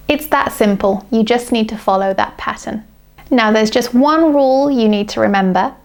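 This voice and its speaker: Slow, careful British woman teacher. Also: a little high, vocal fry. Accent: British English. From England. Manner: deliberate, stretching out key words. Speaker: English teacher.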